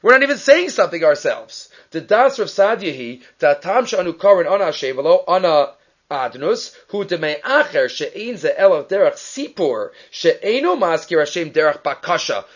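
A man with a fairly high voice gives a Talmud class, reading Hebrew and Aramaic passages aloud and explaining each one in English. He keeps asking questions and then answering them himself. The recording sounds muffled and low-fidelity. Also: very animated, normal speed, husky. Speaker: Torah teacher.

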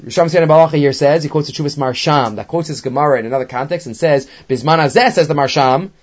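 A man teaching a Talmud class, animated, with many rhetorical questions. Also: a little high, quick pace. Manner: animated, mixes Hebrew and Aramaic terms, rhetorical questions. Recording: dull lo-fi recording.

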